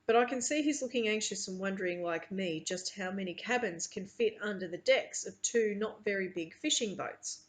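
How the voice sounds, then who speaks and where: A woman's voice: medium pitch, normal speed, few pauses. A woman teacher reading a novel aloud to her students, with chatty asides between passages.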